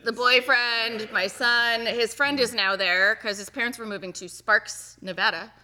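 A woman's voice: a little high, fairly even intonation, measured pace, a crowd in the background, low-quality recording. A middle-aged woman co-hosting a drink tasting, chatting casually, laughing and swearing freely. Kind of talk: casual chat.

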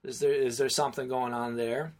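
A man's voice: medium pitch, little pitch movement, brisk. A man co-hosting a casual film podcast, rambling through his thoughts with many restarts and fillers. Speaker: podcast co-host.

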